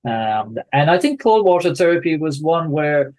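A man in his forties with an Irish accent, a podcast guest who talks in a measured, explanatory way. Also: on the high side, sing-song, a little mellow. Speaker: guest researcher. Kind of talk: podcast conversation. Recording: faint music behind.

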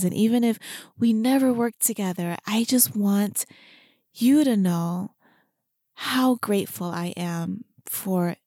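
A woman's voice: medium pitch, dark tone, dry recording, clean studio sound. A woman hosting her own fitness podcast, talking earnestly and heartfelt, casual with many asides. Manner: earnest, heartfelt, chatty with frequent "you know". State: emotional, near tears. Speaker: podcast host and fitness coach. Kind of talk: casual solo podcast talk. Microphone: studio podcast microphone.

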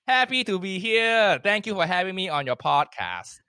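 Cast: man putting on a blunt middle-aged uncle, Malaysian accent, high bright voice, slow and clipped. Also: sing-song, dry recording, clean studio sound, heavily acted. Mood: cheeky. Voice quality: slow, clipped, ending lines with "lah".

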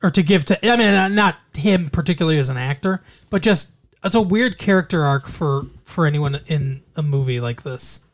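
A podcast co-host in casual movie chat, rambling through plot retellings in an animated way. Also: mid-range voice, normal speed.

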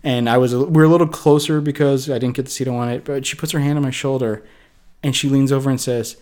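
A man's voice: medium pitch, steady tone, fast, darkish tone. A man in his thirties, a podcast co-host, telling a story in casual movie chat and acting out his own reactions.

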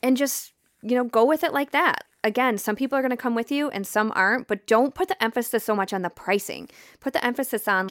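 A woman's voice: on the high side, quick pace, fairly bright tone, no echo, clean studio sound. A woman hosting a podcast, giving enthusiastic, chatty business advice with plenty of fillers. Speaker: podcast host. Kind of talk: casual advice chat.

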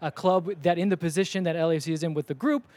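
A man's voice: fairly high pitch, very fast, no room sound. A man co-hosting a casual sports podcast, talking animatedly and acting out what others say. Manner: animated, acts out quoted voices.

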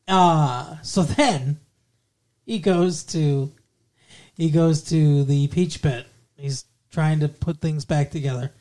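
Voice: medium pitch, slow pace, a little mellow. A podcast co-host recapping a TV episode in casual, profane, rambling chat.

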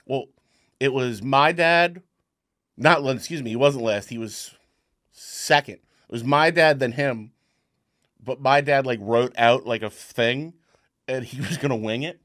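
A man's voice: mid-range voice, measured pace, long pauses, fairly bright tone. A man, a comedian co-hosting a podcast, telling an anecdote with frequent laughter. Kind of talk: casual chat.

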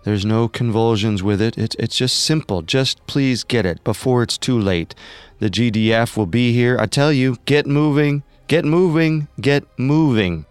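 Here a voice actor recreates recorded speech of a middle-aged cult leader, who preaches and pleads with his followers in a repetitive, sermonizing manner. The mid-range voice is smooth and measured, echo-free, and close to an everyday voice.

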